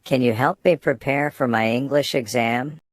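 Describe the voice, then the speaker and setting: A man's voice: mid-range voice, moderate pace, no echo. Man reading student phrases, dry and close. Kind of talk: scripted phrase reading for learners.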